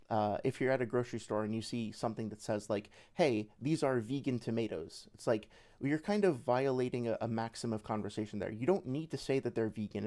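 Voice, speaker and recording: A man's voice: medium pitch, darkish tone. A young man giving casual livestream commentary as a debate reviewer, rambling with many fillers and restarts.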